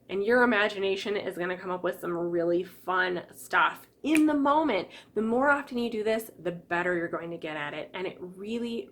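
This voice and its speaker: Lively woman teaching a stress class. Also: medium pitch. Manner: lively, acts out quotes with exclamations. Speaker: hypnotherapist and stress coach.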